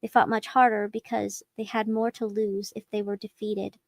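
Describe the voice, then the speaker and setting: A woman's voice: medium pitch, level tone, moderate pace, a little mellow, dry recording. A woman co-hosting a podcast, reading a storybook aloud in a playful way between bouts of laughter. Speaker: podcast co-host.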